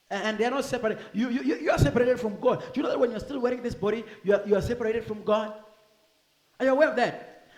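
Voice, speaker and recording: High-voiced animated male preacher. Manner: animated, laughing asides, acts out dialogue. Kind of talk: sermon. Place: church hall. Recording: echoey church hall.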